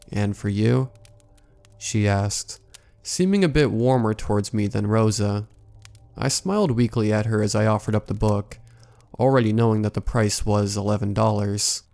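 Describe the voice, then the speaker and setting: Gravelly-voiced man narrating horror. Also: on the low side. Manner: calm, measured storytelling. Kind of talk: scripted horror story narration.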